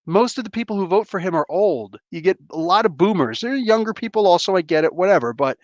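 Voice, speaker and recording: A man's voice: high-pitched, animated, quick pace, dry recording, highs cut off. A man in his forties hosting a livestream, ranting bluntly in casual, rambling talk. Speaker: livestream host.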